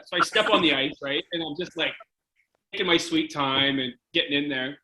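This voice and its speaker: A man from Canada, a former hockey goalie, casually telling animated stories as a podcast guest. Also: high-pitched, fairly quick, roomy sound, slight background noise, poor audio. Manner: animated anecdote-telling, filler-heavy. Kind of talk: casual storytelling interview.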